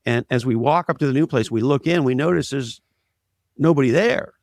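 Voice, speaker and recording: A man's voice: medium pitch, a little fast, a little mellow, no room sound. A man speaking as an interview guest in a blunt, emphatic way, driving his points home with anecdotes. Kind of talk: conversational interview, storytelling.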